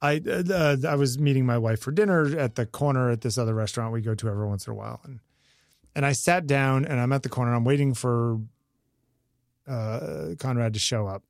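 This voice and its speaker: Animated married man telling a story. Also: medium pitch, fairly quick, vocal fry, dry recording, clean studio sound. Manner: animated storytelling, acts out quotes. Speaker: podcast co-host. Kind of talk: casual conversation.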